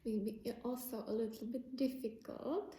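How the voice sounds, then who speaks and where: A woman teacher giving an English lesson to young children in slow, simple phrasing. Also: on the high side, fairly even intonation, warm tone, echoey room.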